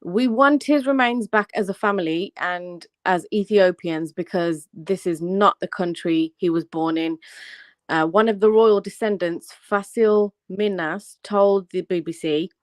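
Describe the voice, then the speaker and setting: A woman's voice: on the low side, fairly even intonation, measured pace, no echo. A woman with a Birmingham accent on a casual live panel stream, reading a news article aloud with small slips and corrections.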